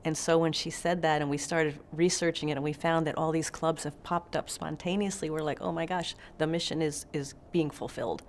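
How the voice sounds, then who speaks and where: Middle-aged woman, interview guest, animated storyteller, lowish voice. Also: fairly quick, hardly any pauses, a little hiss or hum. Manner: animated anecdote-telling, acts out quotes.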